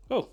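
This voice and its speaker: A man chatting casually on a live stream, joking and answering chat while he makes coffee. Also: fairly bright tone.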